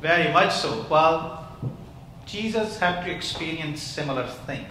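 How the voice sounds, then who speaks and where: High-voiced male minister in an echoey church. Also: lively intonation, unhurried, bright, forceful tone, a little hiss or hum. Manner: interactive, questioning the congregation. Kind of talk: children's talk in church service. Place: large church hall.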